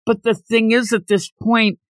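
A man's voice: extremely high pitch, level tone, measured pace, dry recording, clean studio sound. A man co-hosting a casual manga discussion podcast, animatedly recapping scenes and acting out the characters' lines. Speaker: podcast co-host.

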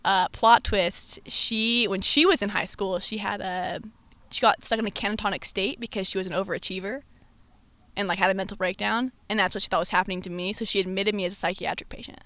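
A young woman talks as a podcast guest. She tells her story in an animated, slangy way and laughs often. Her voice sits at an ordinary pitch and is recorded dry and close. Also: fairly quick, dry recording. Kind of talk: casual chat.

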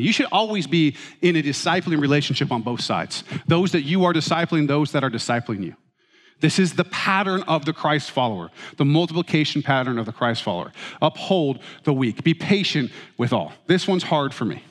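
A man preaching a sermon as pastor, telling stories with animated, self-mocking humor. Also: a little high, brisk. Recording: reverberant hall.

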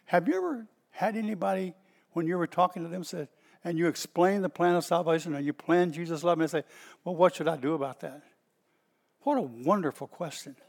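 A man's voice: sits high, a little fast. A man preaching a sermon, reading scripture aloud and commenting on it with emphatic repetition. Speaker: pastor.

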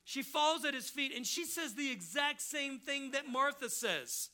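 A male pastor preaching with a high voice and a very bright, forceful edge. His delivery is casual and emphatic, and he acts out the people he quotes along the way. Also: animated, unhurried, few pauses. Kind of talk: sermon.

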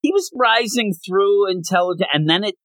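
A man hosting a casual manga discussion podcast, retelling each scene with a lot of energy. His voice sits a bit high and leaps around constantly as he pops into little character voices. The sound is close and dry, with no room around it. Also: expressive, normal speed, a bit bright, dry recording. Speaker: podcast host.

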